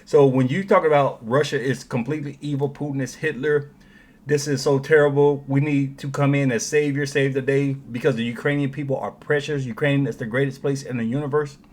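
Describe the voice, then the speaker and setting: A man's voice: mid-range voice, level tone, a little fast. A man delivers a heated commentary monologue. He talks in a sarcastic, mocking way and slips into put-on voices to ridicule the people he argues against. His voice sits in the middle range for a man. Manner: sarcastic, mocks opponents in put-on quotes. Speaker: political commentary host.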